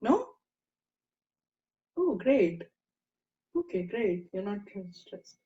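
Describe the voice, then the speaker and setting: A woman teaching a meditation class, gentle and coaxing, asking the group questions. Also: medium pitch, big pitch swings, very slow. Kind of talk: spiritual class talk. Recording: dull lo-fi sound in an echoey room.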